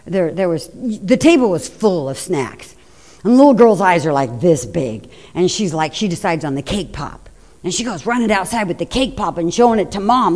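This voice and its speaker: A woman's voice: medium pitch, lively intonation, normal speed, darkish tone. Middle-aged woman preacher, conversational storytelling sermon, long hall echo. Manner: conversational, anecdotal, addresses the congregation. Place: church hall. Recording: echoey hall reverb.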